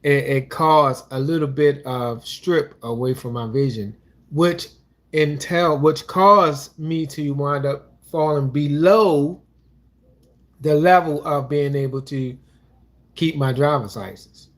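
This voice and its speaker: A man's voice: on the high side, slow pace. A man co-hosting a couples channel, talking casually and rambling about his life, with restarts and religious asides. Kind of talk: casual personal talk.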